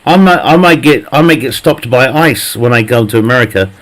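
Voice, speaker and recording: A man's voice: medium pitch, expressive, fairly quick, fairly bright tone. A man live streaming a game, chatting casually with viewers, joking, teasing the chat, laughing often and swearing freely.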